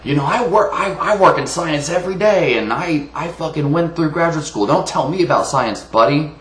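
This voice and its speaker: A man's voice: on the high side, expressive, moderate pace, a bit bright, voice pushed up. A man mimicking a boastful young man who brags about his degree in a whiny, pompous voice. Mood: mocking. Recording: roomy echo.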